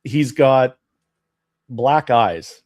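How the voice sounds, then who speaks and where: A man's voice: medium pitch, animated, very slow, darkish tone. A man co-hosting a laid-back chat, talking in a hesitant, rambling way and restarting his sentences often. The sound is dry and close, with no room echo. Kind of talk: casual chat.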